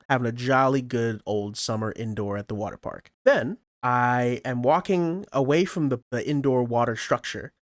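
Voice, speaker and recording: A man, a camp director co-hosting a podcast, telling a story in casual chat with animated, expressive delivery and frequent swearing. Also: medium pitch, no echo, studio quality.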